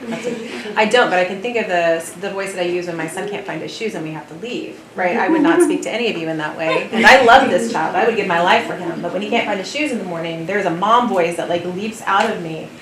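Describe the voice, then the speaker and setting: A woman with a Southern US accent, a theatre professor giving a lively, chatty lecture and talking with her audience. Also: fairly low pitch, quick pace, crowd noise. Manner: chatty, animated, laughs often. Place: lecture hall. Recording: echoey lecture hall, distant mic.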